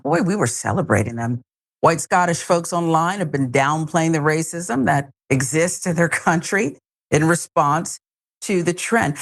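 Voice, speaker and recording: A woman hosting a news talk show, giving wry, sarcastic commentary. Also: sits low.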